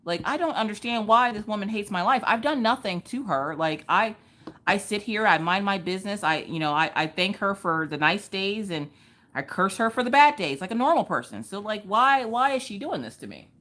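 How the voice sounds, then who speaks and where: A woman's voice: medium pitch, expressive, moderate pace, a bit bright. A woman, hosting a casual livestream while she does a craft, chatting and telling stories to her viewers. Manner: chatty, storytelling, joking asides to chat. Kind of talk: casual chat while diamond painting.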